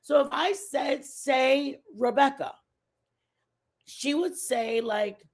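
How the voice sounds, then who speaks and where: A woman's voice: sits high, slow. A woman hosting a casual livestream, chatting with viewers in a rambling, repetitive way. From Mexican family background. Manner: rambling, chatty, repeats herself. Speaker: livestream host. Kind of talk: casual chat with live viewers.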